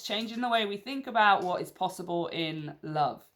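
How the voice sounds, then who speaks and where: Excitable woman giving a tarot reading. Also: fairly low pitch, normal speed, few pauses. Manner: excitable, gushing, chatty with sudden outbursts. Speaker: tarot reader. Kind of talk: casual tarot reading to camera.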